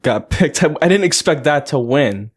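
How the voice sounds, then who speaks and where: A man's voice: on the high side, lively intonation, normal speed, slightly rough. A man co-hosting a podcast in casual chat, rambling with lots of fillers. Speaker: podcast co-host.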